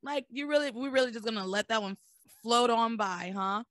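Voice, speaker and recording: Hoarse lady hosting a podcast, voice gone deep and scratchy, dry close sound, animated and jokey. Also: a little fast, no room sound. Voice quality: deeper than usual. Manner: animated, joking, laughs often. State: hoarse, losing her voice. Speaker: podcast host. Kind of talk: casual chat recapping a soap opera.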